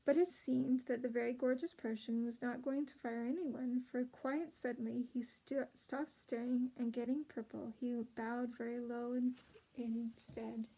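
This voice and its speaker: High-voiced woman reading a storybook aloud. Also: a little slow, creaky, breathy edge, low-quality recording. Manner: gentle expressive reading with small slips and restarts. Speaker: storybook reader. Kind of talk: reading a children's novel aloud.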